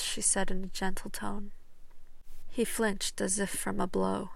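Slow, gravelly woman narrating a story. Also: medium pitch, completely flat delivery, no echo. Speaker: audiobook narrator. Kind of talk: audiobook fan fiction reading.

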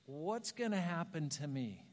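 A man preaching a storytelling sermon, animated and self-mocking, laughing at his own stories. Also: on the high side, a little slow. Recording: long reverb of a large hall.

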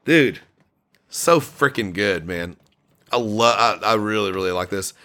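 A man with a fairly low voice talks excitedly about a song, tripping over his words and restarting often. It is a relaxed, casual chat with a friend. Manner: enthusiastic, halting, lots of fillers and restarts. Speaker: podcast co-host reviewing an album. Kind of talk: casual music discussion.

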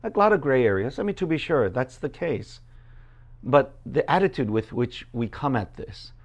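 A man's voice: mid-range voice, animated, normal speed. Conversational preacher man, filler-heavy. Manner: conversational, many fillers, acts out quoted voices. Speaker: pastor. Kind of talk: sermon with scripture reading.

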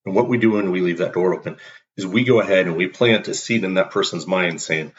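A man's voice: deep voice, brisk. A man hosting a motivational monologue, talking bluntly and emphatically and acting out everyday exchanges. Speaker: host. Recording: dull lo-fi recording.

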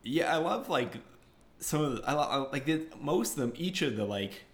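A man's voice: fairly high pitch, very animated. Giggly man in casual podcast chat. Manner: giggly, halting, lots of restarts. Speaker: podcast co-host.

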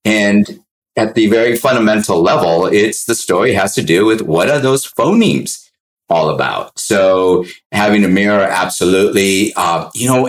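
A man with a very deep voice speaks on an education panel with enthusiasm. He often repeats a word or two as he gathers his thoughts. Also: low-quality recording. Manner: enthusiastic, repeats words while thinking. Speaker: literacy expert panelist. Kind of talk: panel discussion.

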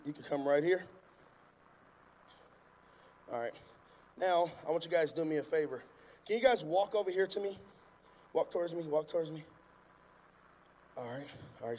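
A male pastor preaching a sermon from a church stage, emphatic and repetitive, breaking into sudden shouts. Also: fairly high pitch. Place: church stage before a congregation. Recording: long reverb of a large hall.

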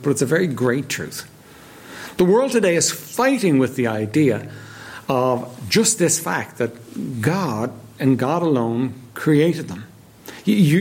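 A man preaching a sermon with a gravelly, husky voice that sits fairly high for a man. His delivery swings widely in pitch as he reads scripture and then drives his points home through repetition. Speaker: pastor. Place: church.

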